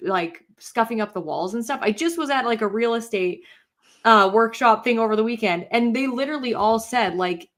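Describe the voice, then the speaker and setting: A woman's voice: on the high side, moderate pace, fairly bright tone. A young woman co-hosting a podcast in casual chat, reflective and talking things through. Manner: reflective, talks things through with many fillers. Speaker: podcast co-host.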